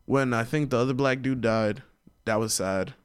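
A young man in casual chat with friends, animated and swearing freely. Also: mid-range voice, moderate pace, clean tone. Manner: animated, swearing, breaks into shouted quotes.

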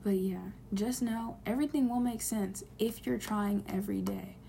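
A woman's voice: mid-range voice, normal speed, gravelly, dark tone, slight background noise. A young woman giving an earnest, rambling, heartfelt self-help monologue.

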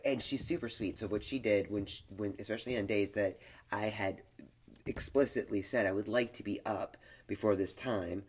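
A woman's voice: extremely low pitch, moderate pace, a little mellow, husky. Candid, joking woman co-host. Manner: candid, joking, laughs often. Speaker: podcast co-host. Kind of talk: casual chat.

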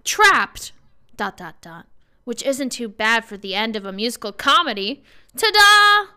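A woman's voice: on the high side, animated, normal speed, bright, forceful tone, clear, resonant tone. A woman co-hosting a podcast in casual chat, upbeat and blunt. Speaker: podcast co-host.

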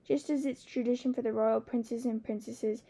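A woman reads a proud young dragon prince in a storybook, wry and teasing with a haughty scoff to his words. The voice is mellow and soft-edged with a gravelly fry under it, pitched fairly high. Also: steady tone, moderate pace. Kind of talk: audiobook character voice.

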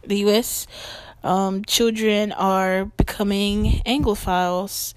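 A woman's voice: medium pitch, little pitch movement, slow, darkish tone, clear, resonant tone. A woman hosting a podcast, chatty and playful, moving from light news to a read-out disclaimer. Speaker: podcast host.

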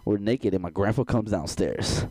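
A young adult man co-hosting a podcast, telling crude stories in an animated way and laughing often. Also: on the low side, normal speed, no room sound. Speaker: podcast co-host. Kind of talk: casual chat.

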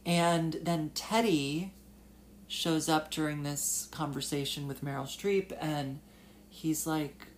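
A young woman hosting a solo casual talk, halting and filler-heavy, and tearful as she talks. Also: low voice, a little hiss or hum. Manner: halting, with many fillers and restarts. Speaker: podcast host.

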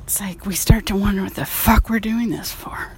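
A woman's voice: medium pitch, fairly even intonation, normal speed, a little hiss or hum. A woman painter talking frankly while walking outdoors, sighing and swearing casually, a bit out of breath. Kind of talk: casual vlog monologue.

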